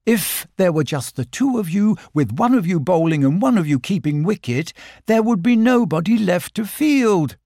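Man voicing a sensible young boy leader; earnest, lively, storybook. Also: high voice, normal speed, no echo, studio quality, voice pushed up. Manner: earnest, organised.

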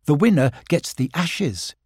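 A man's voice: on the high side, expressive, a little slow, darkish tone, breathy edge, no room sound, clean studio sound. A man doing an earnest, organising young boy. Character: sensible young boy, the group's leader.

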